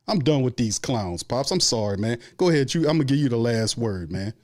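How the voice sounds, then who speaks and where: A man hosting a fan stream launches into a heated, profane rant, hammering the same points again and again. His voice sits at an ordinary mid pitch and he talks in blunt, furious bursts. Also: expressive, fairly quick, few pauses, a little mellow. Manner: angry, profane, repetitive ranting. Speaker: sports show host.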